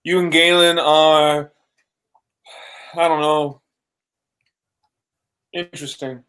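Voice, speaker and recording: A woman's voice: deep voice, steady tone, takes it slowly, a bit bright, clear, resonant tone. A woman voicing a cautious, awkward young man in a live play reading, speaking with careful, stammering phrasing.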